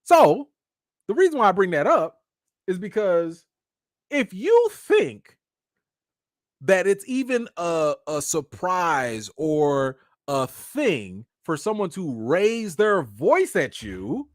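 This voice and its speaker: A man hosting a live commentary chat, talking in an animated, slangy way. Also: sits high, takes it slowly, dry recording, studio quality. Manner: animated, slangy, acts out quotes. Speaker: host.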